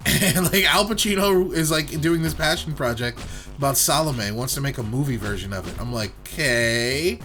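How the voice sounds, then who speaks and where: Over soft background music, a male co-host of a gaming show spins a long, filler-heavy anecdote while playing. His voice is mid-range and fairly bright, and he talks fairly quickly as the story rambles on.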